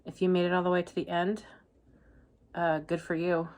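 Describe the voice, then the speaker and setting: A woman book vlogger talking casually to camera, deadpan and exasperated as she rants. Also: lowish voice, moderate pace. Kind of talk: casual reading vlog.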